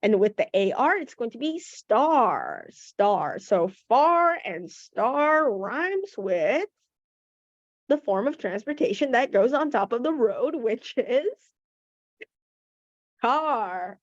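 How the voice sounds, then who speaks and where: A woman's voice: a little high, big pitch swings, slow, dry recording. A woman teaching young children English phonics, patiently sounding out letters and praising answers. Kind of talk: slow phonics lesson to children. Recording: dull lo-fi recording.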